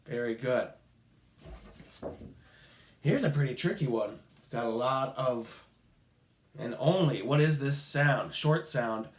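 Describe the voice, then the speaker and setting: A man's voice: mid-range voice, slow pace, long pauses, reverberant. A male music teacher leading children through a playful call-and-response rhythm lesson, chanting rhythm syllables.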